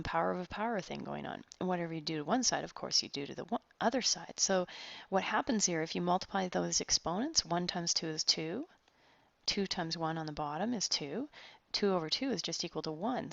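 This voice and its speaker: A woman's voice: lowish voice, vocal fry, fairly bright tone, no room sound. A woman math tutor talking students through problems step by step, encouraging them as she goes. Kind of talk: online math lesson. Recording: dull, dry close recording.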